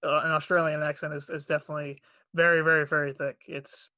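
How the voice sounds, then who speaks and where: A New man chatting as a podcast guest, loose and full of fillers. His voice is a shade higher than most men's. The podcast mic gives a close, dry sound. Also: quick pace, no room sound. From Long Island, New York. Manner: relaxed, rambling, heavy on fillers. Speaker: guest voice actor. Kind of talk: casual podcast chat. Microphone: podcast microphone.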